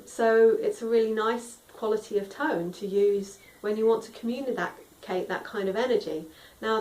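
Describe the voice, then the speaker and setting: A woman's voice: mid-range voice, darkish tone, recorded from a distance. A woman teaching singing, explaining vocal tone in a friendly, instructive way. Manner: friendly instructive, demonstrates sung tones. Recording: roomy echo, a little off mic.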